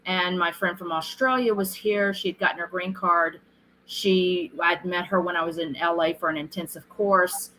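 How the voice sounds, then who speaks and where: A middle-aged woman, a film director being interviewed, telling stories in a casual, animated way and acting out what people said. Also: lowish voice, normal speed, a little hiss or hum, poor audio. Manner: animated storyteller who acts out quoted lines.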